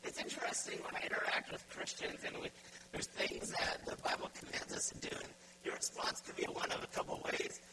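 A man preaching a sermon as pastor, putting direct, repeated questions to his congregation. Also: fairly quick. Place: church. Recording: loud background noise.

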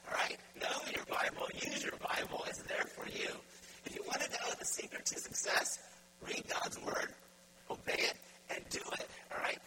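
A man preaching a sermon as pastor, putting direct, repeated questions to his congregation. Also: moderate pace. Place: church. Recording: loud background noise.

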